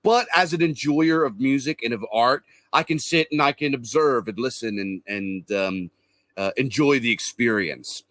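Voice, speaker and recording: A podcast co-host, a man, talks through his opinions in a loose, rambling way, full of restarts and "um"s and the odd swear word. His voice is bright and forceful. The recording is dry and close, with no room sound. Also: mid-range voice, moderate pace, no room sound. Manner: rambling, lots of restarts and fillers; swears casually. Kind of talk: casual review chat.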